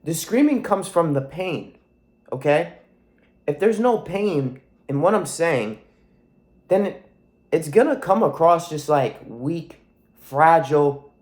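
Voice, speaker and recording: A young man in his twenties, his throat sore and his nose stuffy, talks in a soft voice that sits a little high for a man. He rambles to camera in a profane, emphatic way, swearing often and repeating himself. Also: expressive, slow, pauses often. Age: 20s. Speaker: vlogger. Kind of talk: casual monologue to camera.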